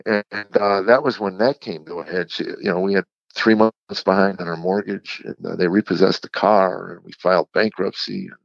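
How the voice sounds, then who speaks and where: A man, a comedian guest on an interview podcast, candidly telling a personal story in a halting, earnest way and acting out the quotes. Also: low voice, steady tone, gravelly, no room sound, lo-fi sound. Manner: earnest, halting retelling with repeated words and acted-out quotes.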